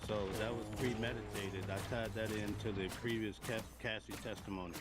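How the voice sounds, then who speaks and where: A man with a lowish voice lays out details step by step as a guest on a casual stream. Loud game music plays behind him the whole time. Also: steady tone, fairly quick. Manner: explanatory, recounting details step by step. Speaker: guest commentator. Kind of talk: casual live-stream discussion.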